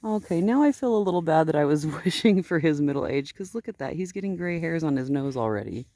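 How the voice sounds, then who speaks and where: A woman's voice: low-pitched, expressive, fast talker, mellow, no room sound. A woman sheep farmer rambling casually on an outdoor farm vlog, chatty and fond. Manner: rambling, chatty, baby-talks to her sheep. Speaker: sheep farmer and video host.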